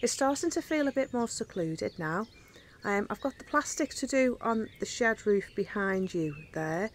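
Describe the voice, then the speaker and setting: A woman's voice: medium pitch, expressive, moderate pace, slight background noise. Chatty woman touring her garden. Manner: chatty, practical, explains step by step. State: a bit out of breath. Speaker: gardening vlogger. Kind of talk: casual walk-and-talk garden tour. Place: outdoor garden and polytunnel.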